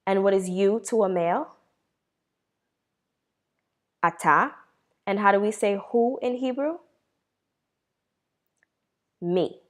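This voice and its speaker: A woman's voice: medium pitch, gravelly, a bit bright. Encouraging woman teaching beginner Hebrew. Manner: encouraging, asks questions and answers them herself; slows down to model words. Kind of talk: beginner language lesson.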